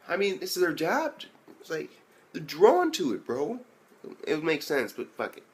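Guy rambling thru an anime review, swearing a ton, says like every other word, regular mid voice. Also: medium pitch. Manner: rambling, heavily profane, lots of fillers. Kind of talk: casual spoken review.

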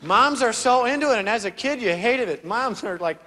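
A young man doing an animated stand-up routine on a theater stage, acting out characters with voices and sound effects. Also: extremely high pitch, normal speed. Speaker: stand-up comedian. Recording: live theater recording with crowd noise. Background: audience laughter.

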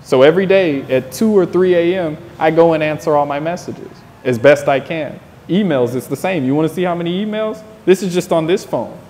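A man's voice: a little high, darkish tone, big-room sound, a little hiss or hum. A man from the United States, interviewed outdoors, talking in a passionate, preachy monologue that keeps repeating its points. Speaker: interview guest.

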